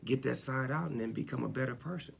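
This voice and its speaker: A man's voice: mid-range voice, fast talker, gravelly, husky. A man in his forties talking candidly in an interview, laid-back and reflective, often checking in with "you know what I'm saying". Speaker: interviewed rapper.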